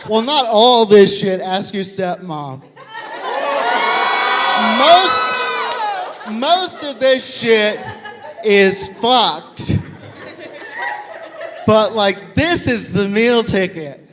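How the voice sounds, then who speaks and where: A high-voiced man works a live crowd in a stand-up set, telling stories at an unhurried pace and bursting into loud, profane punchlines. His voice rings with the long reverb of a big hall, and light audience laughter rises behind him. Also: slight background noise. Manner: profane, animated storytelling with loud comic outbursts. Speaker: stand-up comedian. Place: large live venue with audience.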